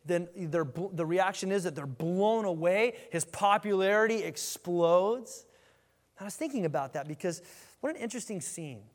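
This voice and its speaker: A man preaches with lively energy, stumbling over and repeating words as he builds his points. His voice sits a little higher than most men's. The sound carries a long reverb, as in a large church sanctuary. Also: normal speed. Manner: animated preaching with repeated restarts. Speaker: pastor. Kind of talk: sermon.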